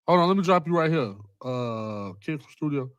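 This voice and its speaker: Rambling livestream host, slangy and profane, slightly high, dry. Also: male voice, animated, normal speed, clean tone, no room sound. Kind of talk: casual livestream talk.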